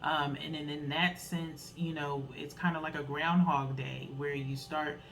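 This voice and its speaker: A woman's voice: low-pitched, little pitch movement, measured pace, a bit bright, slight background noise, rough recording. A woman giving a casual, earnest tarot reading, encouraging her listeners and ending phrases with a questioning "okay?". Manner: loose, rambling delivery with restarts. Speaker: tarot reader.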